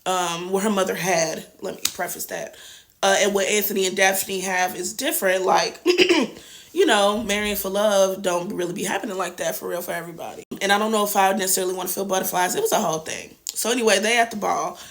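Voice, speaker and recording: A young woman hosting a TV review show, recapping an episode in slangy, animated casual chat with sassy asides. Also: mid-range voice, brisk. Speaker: TV review host.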